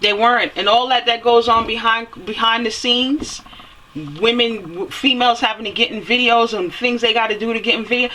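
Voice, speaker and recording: A woman delivers a fiery, preachy rant straight to her viewers. Her voice is bright and forceful and sits fairly high, and she repeats lines for emphasis. She swears and rises toward yelling when she gets heated. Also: fairly even intonation, brisk, slight background noise, low-quality recording. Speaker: vlogger. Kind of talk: impassioned opinion rant.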